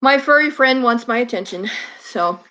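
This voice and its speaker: Chatty woman with a lively voice. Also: a little high, normal speed, lo-fi sound. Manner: rambling, chatty, with fillers and baby talk to her dog. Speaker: live stream host. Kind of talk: casual live stream chat.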